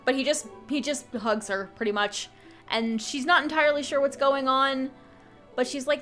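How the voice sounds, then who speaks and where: A woman's voice: a little high, moderate pace, a bit bright, soft background music. A woman casually retelling a game's story as a channel host, chatty and full of fillers and restarts. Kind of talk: casual game story recap.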